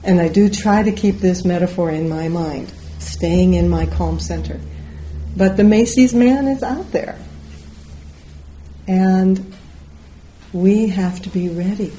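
Speaking unhurriedly in a fairly low, warm and steady voice, a middle-aged woman delivers a Zen dharma talk, narrating a story and voicing its characters. There's a little hiss or hum on the rough recording.

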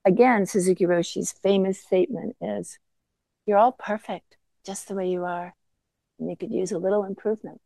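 A woman meditation teacher giving a gentle, conversational dharma talk with self-deprecating asides. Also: mid-range voice, steady tone, moderate pace, creaky, no echo, low-quality recording.

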